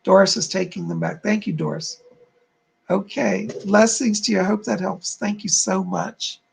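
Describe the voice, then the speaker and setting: A man's voice: high-pitched, fairly even intonation, moderate pace, gravelly, breathy edge. A man hosting a live-stream of psychic readings, speaking soothingly to viewers and calling them darling and hon. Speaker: psychic medium host.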